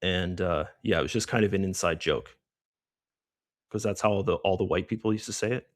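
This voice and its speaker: A chatty middle-aged man talks through his trades on a live stream with a lowish voice. He keeps tossing in "right?" as he goes, and the sound is dry and close. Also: fairly quick, dry recording. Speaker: trading stream host. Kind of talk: live trading commentary.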